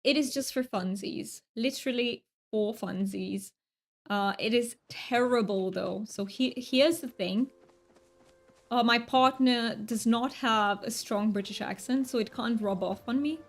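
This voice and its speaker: A woman's voice: fairly high pitch, a little slow. A woman streamer chatting casually while she plays, rambling with fillers and restarts. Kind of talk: casual gaming stream chat.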